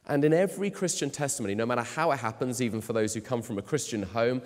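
A man preaching a sermon in an emphatic way, often swinging between loud, stressed phrases and quiet ones. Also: mid-range voice, fast. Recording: long hall reverb.

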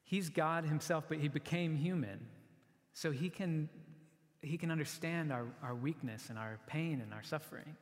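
A man's voice: on the high side, moderate pace. A man giving a sermon as a pastor, earnest and conversational, often restarting his phrases. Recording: long reverb of a large hall.

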